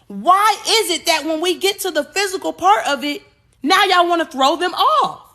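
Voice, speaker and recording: A woman podcast host, talking about spiritual energy in an animated way, repeating words and acting out voices. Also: very high-pitched, moderate pace. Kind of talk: spiritual talk monologue.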